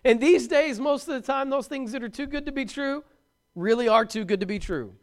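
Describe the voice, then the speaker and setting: A man preaching a sermon, animated and emphatic, with touches of humor and repeated words for stress. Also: very high-pitched, fairly quick.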